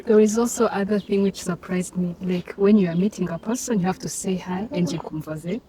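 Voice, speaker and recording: A woman student guest in a casual interview, speaking haltingly with many restarts and frequent laughter. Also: lowish voice, a crowd in the background. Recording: noisy background.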